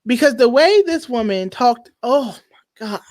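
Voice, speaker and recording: Woman podcast host, kinda high voice, talks animated and slangy. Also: moderate pace. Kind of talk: casual chat.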